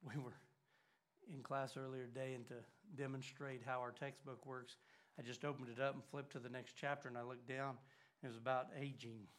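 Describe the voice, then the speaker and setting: An older man preaching a sermon, swinging from loud urgent emphasis to hushed, near-whispered lines. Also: medium pitch, little pitch movement, fairly quick.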